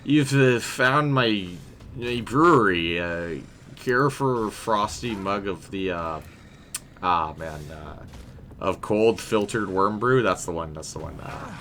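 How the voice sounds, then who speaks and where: A man voicing a drunken male brewer, halting and slurring over his words. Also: on the low side, expressive, a bit bright, slight background noise, full character voice. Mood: boozy, boastful.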